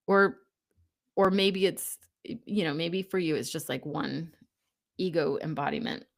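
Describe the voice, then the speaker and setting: A young adult woman giving a casual spiritual talk, gently coaching listeners and acting out their inner dialogue in quoted lines. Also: fairly low pitch. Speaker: host.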